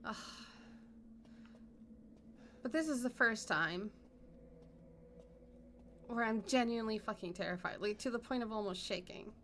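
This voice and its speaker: A woman's voice: a little high, a little slow, pauses often, a bit bright, slight background noise. A young woman doing horror game commentary, scared and swearing as she talks herself through it. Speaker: gaming streamer.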